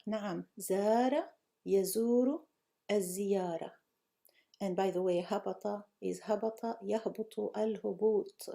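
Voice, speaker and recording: A woman runs a live online language class with a mellow, warm tone and a touch of gravel in her voice. She reads out her students' answers, corrects them gently and keeps praising them. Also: medium pitch. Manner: encouraging, praises students often. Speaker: language teacher.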